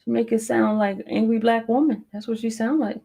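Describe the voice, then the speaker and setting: A woman's voice: on the high side, steady tone, brisk, gravelly, dark tone, breathy edge, highs cut off. A middle-aged woman hosting a live stream, chatting casually and laughing with viewers she calls y'all. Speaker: livestream host. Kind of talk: casual livestream chat.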